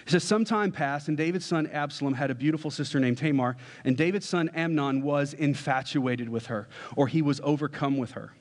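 A man's voice: a little high, fairly quick, hardly any pauses, long reverb tail. A pastor giving a conversational sermon, asking his listeners questions and joking with them. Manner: conversational, asks the congregation questions, jokes.

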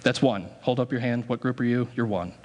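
A man's voice: mid-range voice, fairly quick, darkish tone. A man preaching as pastor, joking with the congregation while directing a group singing exercise in a church. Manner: playful, joking, directing the crowd. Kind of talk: sermon leading a congregation exercise. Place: church sanctuary.

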